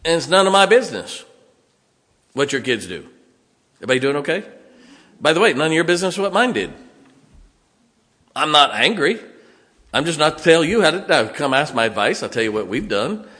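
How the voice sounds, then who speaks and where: Here the older pastor's voice sits on the high side, bright and forceful, with big pitch swings, a brisk pace, and long pauses. Preaching in a church sanctuary with long hall reverb, he shares plain-spoken folksy stories and puts questions to the congregation.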